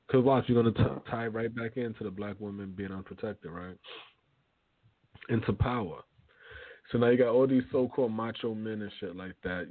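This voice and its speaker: A man's voice: fairly low pitch, no room sound. A man hosting a radio talk show, speaking loosely and profanely with lots of fillers and restarts. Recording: tinny phone-like line.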